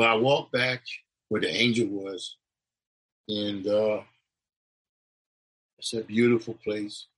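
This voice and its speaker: A man's voice: on the low side, steady tone, slow, long pauses, a bit bright, low-quality recording. A middle-aged man, a preacher, telling his vision of heaven with emotional, rising and falling storytelling.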